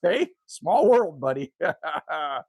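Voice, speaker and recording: A man's voice: a little high, very animated, slow, a little mellow, dry recording, clean studio sound. An older man from Canada with a Canadian accent, casually chatting with livestream viewers from his cabin woodshed and reading out their names. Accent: Canadian, with bits of Newfoundland. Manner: chatty, reads out viewer names and answers them. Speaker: livestream host.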